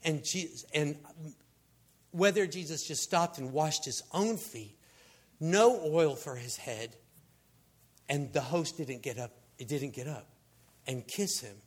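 A man preaching a sermon, telling the story in an animated, conversational way and acting out the people in it. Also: a little high, takes it slowly, long pauses. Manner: animated, acts out quoted voices, conversational asides.

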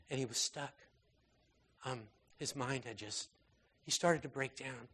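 A man preaching an informal sermon in a conversational way, full of fillers and restarts, moving between raised intensity and quiet, soft passages. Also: mid-range voice, unhurried, slightly rough.

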